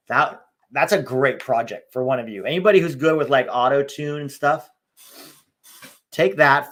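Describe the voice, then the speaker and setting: A man's voice: medium pitch, fairly bright tone. A young man hosting a live soccer watch-along, chatting casually with sarcastic rants and swearing. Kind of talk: casual live-stream chat.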